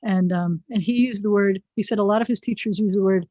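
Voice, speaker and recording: A woman's voice: medium pitch, a little fast, warm tone, no echo. Chatty woman rabbi teaching over video call. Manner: chatty, digressive, explains word by word with asides. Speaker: rabbi teaching biblical Hebrew. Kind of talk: online class lecture. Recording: dull, dry video-call audio.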